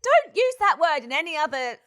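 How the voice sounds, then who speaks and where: A young woman co-hosting a podcast in casual chat, quick to laugh and throwing in wry remarks. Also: high voice, sing-song, bright, forceful tone. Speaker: podcast co-host.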